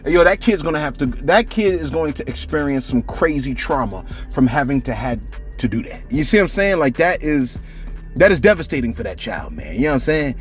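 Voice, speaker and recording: A man talks casually through celebrity news and reads out viewer shout-outs, his fairly high voice rising and falling a lot. He keeps checking in with his listeners as he goes, with faint music playing behind him. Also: brisk. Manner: animated, rhetorical, keeps saying "you know what I'm saying".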